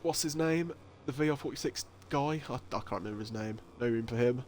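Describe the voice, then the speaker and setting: A man's voice: mid-range voice, brisk, darkish tone, slight background noise. Man, league stream host, loose and jokey, curses a lot, laughs easily. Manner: chatty, laughs often, swears, reads chat aloud. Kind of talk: casual live-stream commentary.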